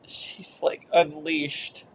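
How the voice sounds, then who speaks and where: A woman therapist describes an inner therapy session slowly and hesitantly, with a gravelly edge to her voice. A faint hiss sits under the recording. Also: sits low, flat delivery. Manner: hesitant, soft-spoken, with fillers.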